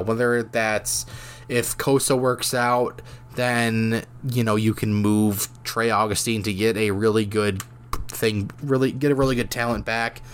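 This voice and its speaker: A man's voice: medium pitch, clean tone. A man hosting a solo hockey podcast, talking casually with lots of fillers and restarts while he has the hiccups. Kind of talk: solo sports podcast talk.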